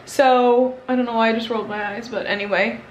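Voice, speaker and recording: A woman's voice: fairly high pitch, fairly even intonation, a little fast, dull audio, slight background noise. A young woman chatting casually to her camera, rambling with lots of fillers and self-mocking asides. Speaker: vlogger. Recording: roomy echo.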